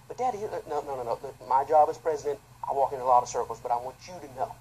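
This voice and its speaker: A male pastor preaches with fervor, his mid-range voice climbing into loud bursts and then dropping to hushed, low asides. A faint hiss of noise sits under the recording. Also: very fast, hardly any pauses, rough recording. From United States. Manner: impassioned, swinging between loud outbursts and quiet, low asides. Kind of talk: sermon.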